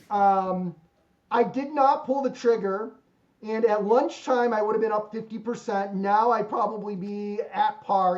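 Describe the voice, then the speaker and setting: A man's voice: sits high, a little mellow. Guy on a video call talking stocks, jokey and rambling, kinda muffled audio. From Ohio, USA. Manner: chatty, joking, thinks aloud about markets. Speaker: podcast host. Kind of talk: casual business chat. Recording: slightly dull lo-fi call audio.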